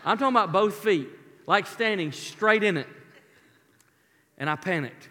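Male preacher, high voice, animated storyteller, long hall reverb. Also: normal speed. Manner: animated storyteller, folksy asides. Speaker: pastor. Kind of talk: sermon with personal storytelling.

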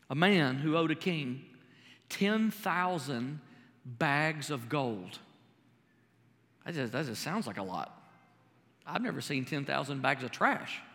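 A man preaching a sermon with a high, bright, ringing voice that climbs as he presses his point to the congregation. He is recorded live in a large church hall, with a long reverb and faint music underneath. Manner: preaches with rising intensity, calls out to the congregation. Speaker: pastor.

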